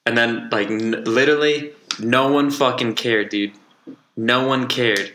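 A man's voice: mid-range voice, a little slow, fairly bright tone, echoey room, slight background noise. A young man hosting a casual podcast, telling a profane, rambling story full of restarts. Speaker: podcast host.

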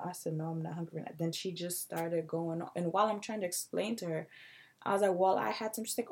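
A young woman co-hosting a podcast in casual chat, telling stories with animated quoted voices. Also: fast, gravelly, slightly rough. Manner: animated storytelling, acting out quotes in a high mocking voice. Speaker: podcast co-host.

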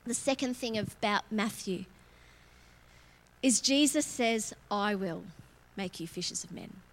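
A woman's voice: mid-range voice, measured pace. A woman preaching a candid, conversational sermon in church, self-mocking and laughing often. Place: church auditorium.

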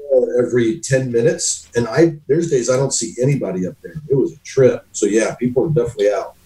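Relaxed male storyteller, mellow tone, echoey room. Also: mid-range voice, fast, a little hiss or hum. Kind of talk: casual chat. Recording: roomy echo.

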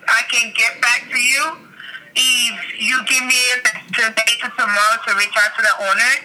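A man's voice: very high voice, steady tone, normal speed, pushed and bright, poor audio. A man answering the phone as a restaurant manager, polite, deferential and apologetic. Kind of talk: phone customer service.

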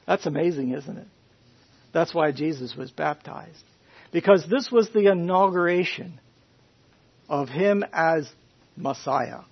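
A man preaching a conversational sermon to a Bible class, questioning his listeners in a folksy, animated way. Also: fairly high pitch, a little slow, long pauses, breathy edge. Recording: dull lo-fi recording.

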